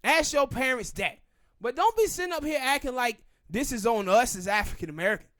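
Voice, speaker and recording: Man, Southern US accent, very high voice, dry close mic, emphatic rant. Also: sing-song, fairly bright tone, dry recording. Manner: emphatic, ranting, drawn-out pauses. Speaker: podcast host. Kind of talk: opinionated casual commentary.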